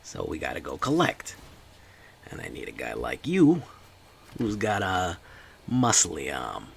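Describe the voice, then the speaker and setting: A man's voice: low voice, huge pitch swings, measured pace, a bit bright, a little hiss or hum, full character voice. A man putting on a crime boss accent, playing a mob boss who recruits muscle to collect debts. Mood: menacing. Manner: gruff tough-guy crime boss accent.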